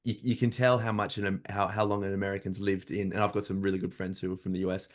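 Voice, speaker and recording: A man hosts a podcast in a relaxed conversation. His voice sits on the low side, and he reflects aloud in long, loosely built sentences. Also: quick pace. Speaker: podcast host. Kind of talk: casual chat.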